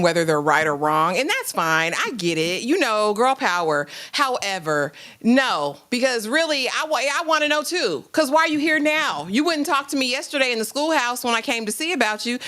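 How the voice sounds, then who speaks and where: Lady hosting a tv recap, bright and kinda high, acting out lines as she goes. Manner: animated, acts out characters' lines. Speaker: podcast co-host. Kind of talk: casual live TV recap chat.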